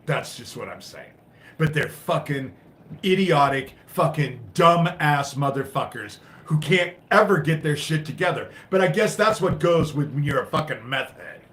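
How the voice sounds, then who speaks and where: A frustrated man rants on his own live stream, swearing freely and swinging between loud bursts and low muttering. His voice sits a little high for a man. The sound is echoey and roomy. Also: expressive, moderate pace. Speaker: livestream host.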